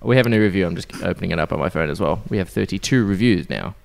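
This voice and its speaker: Laughing podcast host, lively pitch. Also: male voice, very fast, vocal fry. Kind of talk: casual chat.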